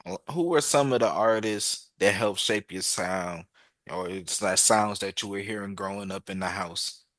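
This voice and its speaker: A man's voice: fairly low pitch, moderate pace, a bit bright, no room sound, clean studio sound. A man hosting a casual interview, upbeat and jokey, laughing along with his guest. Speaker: podcast host.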